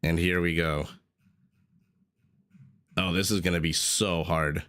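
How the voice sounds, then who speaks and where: This esports caster has a deep, steady, slightly bright voice and speaks slowly. He's commentating a strategy game live on stream in a playful, chatty way, teasing himself and coughing now and then. It's a blend of live game commentary and casual stream chat.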